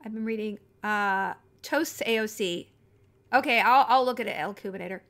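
A woman's voice: medium pitch, moderate pace, a bit bright. A woman live-streaming a video game in casual, chatty talk, scattered and reading viewer comments aloud as she goes.

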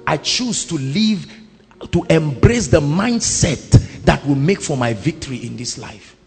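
A man with a Nigerian accent preaching a sermon, moving between quiet talk and loud shouted declarations. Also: animated, measured pace, gravelly, long reverb tail, soft background music. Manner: booming, swings from quiet to shouting.

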